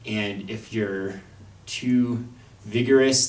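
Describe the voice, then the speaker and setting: A young man with a fairly low, lively voice talks slowly as he teaches an orchestral violin excerpt, thoughtful and a little wry, full of fillers and restarts. The room echoes and the mic sits at a distance.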